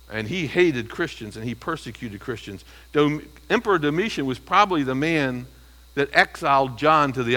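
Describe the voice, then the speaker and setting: Man, pastor, bright voice, emphatic teaching sermon, asks questions. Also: mid-range voice, rough recording. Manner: emphatic, stresses single words. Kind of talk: expository sermon.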